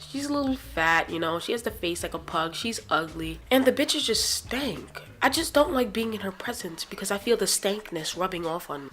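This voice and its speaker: A woman's voice: lowish voice, fairly bright tone. A woman vlogger telling a story in a profane, sarcastic rant.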